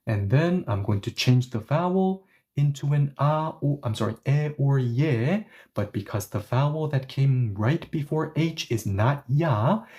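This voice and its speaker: A man teaches a live language lesson, walking through grammar rules step by step. His voice is mellow and warm at a middle pitch. He stops now and then to correct himself and apologize before carrying on. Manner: explains step by step, often apologizes and self-corrects.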